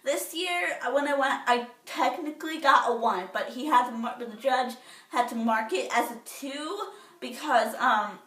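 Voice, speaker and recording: A teenage girl vlogs to the camera in a casual chat, bubbly and rambling with plenty of fillers and restarts. Her voice is high-pitched and fairly bright at a moderate pace, recorded in an echoey room somewhat far from the mic.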